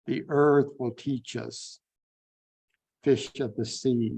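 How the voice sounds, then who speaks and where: A man teaching a Bible class, unhurried and thinking aloud with frequent fillers. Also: medium pitch, steady tone, creaky, mellow, breathy edge. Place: online classroom.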